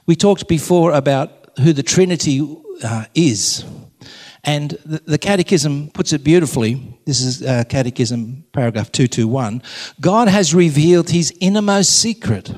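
Man talking in a big reverberant hall. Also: fairly high pitch. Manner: relaxed storyteller, jokey. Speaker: Catholic speaker. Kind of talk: live faith talk to an audience.

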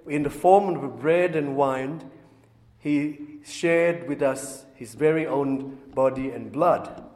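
Priest, male, slow and measured homily, long church reverb around the voice. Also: on the high side, darkish tone. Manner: measured, thoughtful delivery with asides and rhetorical questions. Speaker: Catholic priest.

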